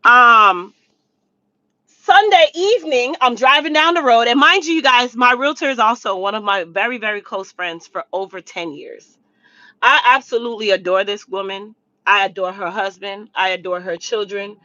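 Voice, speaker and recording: A woman's voice: fairly high pitch, moderate pace, bright, forceful tone, no room sound, highs cut off. A woman telling a personal story to her viewers in a casual storytime vlog, talking to them directly and repeating points for emphasis. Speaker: storytime vlogger.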